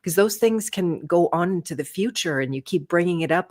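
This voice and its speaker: A woman's voice: on the low side, animated, normal speed. A woman hosting a live online interview, speaking in an affirming, conversational way over a video call. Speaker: host.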